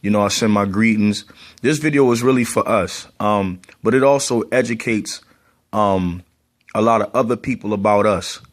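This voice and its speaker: A man's voice: lowish voice, normal speed. Man with a heavy Baltimore accent. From Baltimore, USA. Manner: conversational, many ums and repeated words. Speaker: vlogger. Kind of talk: casual talk to camera.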